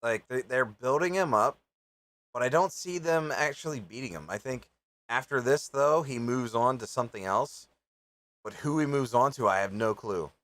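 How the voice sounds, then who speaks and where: A man hosting a live reaction stream, chatting casually and thinking out loud with offhand, rambling asides. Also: mid-range voice, moderate pace, no room sound. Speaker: live reaction show host.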